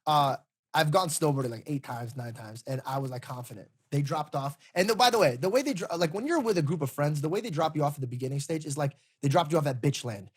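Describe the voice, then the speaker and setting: A man, a comedian and podcast co-host, telling stories in casual chat, animated and acting out the people he quotes. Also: a little high, fast talker, slightly rough. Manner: animated, acts out quotes, swears freely.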